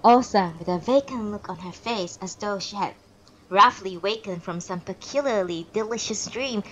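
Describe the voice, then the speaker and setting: A woman reading a classic novel aloud on a live stream, expressive with pauses and small self-corrections. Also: mid-range voice, a little hiss or hum, rough recording. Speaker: narrator and streamer.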